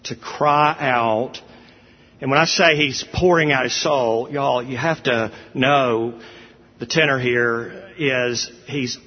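A man's voice: medium pitch, fairly even intonation, slow pace. A middle-aged man preaching a sermon as pastor, earnest and rising to emphatic peaks. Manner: earnest, builds to emphatic peaks, says "y'all". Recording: dull, echoey church hall.

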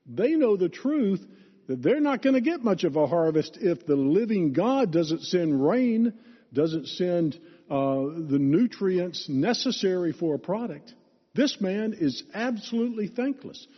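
A man preaching a sermon as pastor, teaching in an expressive, emphatic way. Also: sits high, husky. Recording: reverberant hall, dull lo-fi sound.

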